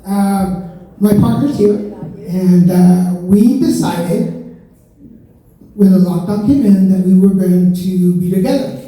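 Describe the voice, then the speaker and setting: A man's voice: sits high, slow pace, warm tone. A man doing a stand-up comedy set, chatty and self-mocking, riffing with the crowd. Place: stage in an event hall. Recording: echoey hall, mic heard from a distance.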